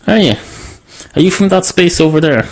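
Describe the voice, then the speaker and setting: A man's voice: a little high, animated, normal speed, pitched above the performer's own voice. A man putting on a sing-song baby-talk voice to tease his pet. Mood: cooing, teasing.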